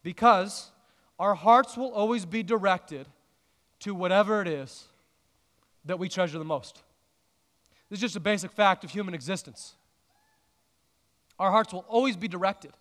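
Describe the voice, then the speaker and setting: A man preaching a sermon as pastor, earnest, with emphatic rises and drawn-out pauses. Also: high voice, a bit bright. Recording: long hall reverb.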